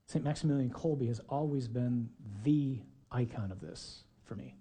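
Male preacher, husky and mellow tone, dramatic sermon delivery with acted-out lines. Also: mid-range voice, a little slow, hardly any pauses. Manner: dramatic, acts out shouted dialogue.

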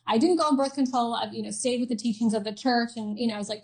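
A woman's voice: fairly high pitch, steady tone, fast, poor audio. Chatty woman telling a story. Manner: laughs often, storytelling with many fillers. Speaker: guest. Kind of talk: casual chat.

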